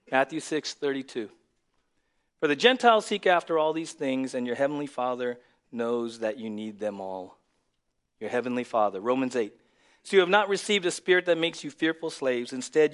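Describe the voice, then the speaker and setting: A male pastor preaching a sermon, dropping to a near whisper and then rising to loud, emphatic lines. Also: mid-range voice. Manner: swings from hushed to loud and emphatic.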